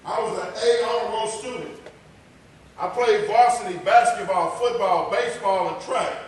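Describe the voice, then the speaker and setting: A fairly high-voiced middle-aged man from tells his story as a motivational speaker, swinging from loud to hushed. His rings through a big echoey room, picked up from some way off the mic with a faint hiss underneath. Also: normal speed. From Texas. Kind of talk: personal testimony speech. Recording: echoey hall, voice far from mic.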